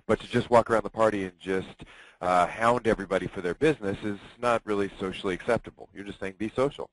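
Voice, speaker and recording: A man's voice: fairly low pitch, quick pace, a little hiss or hum, rough recording. A man co-presenting a webinar who sums up the points plainly in casual talk.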